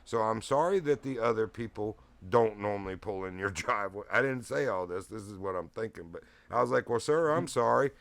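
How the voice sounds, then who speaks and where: A man's voice: lowish voice, a little fast, vocal fry, few pauses, fairly bright tone. Laughing, rambling man. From Virginia. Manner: rambling, laughing, profane, gets heated retelling. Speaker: streamer. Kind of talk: casual storytelling chat.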